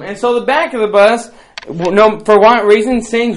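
A middle-aged man with a drawl and a noticeably high voice, teaching fellow church workers. His manner is animated and playful, and he slips into singing children's songs to make his points. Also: measured pace. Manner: animated, playful, breaks into song. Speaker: bus ministry leader teaching a workshop. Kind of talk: training talk with sung examples.

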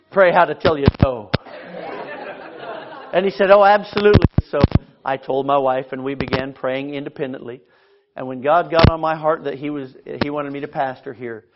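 A man's voice: fairly high pitch, highs cut off, very noisy. A male pastor preaching a storytelling sermon with self-mocking humor, often stammering and restarting his phrases. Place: church sanctuary.

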